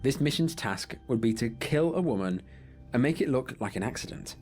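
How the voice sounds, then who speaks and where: A man with a mid-range voice narrates in a measured, grim scripted style. He tells a dark online documentary story with steady delivery. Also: medium pitch, soft background music.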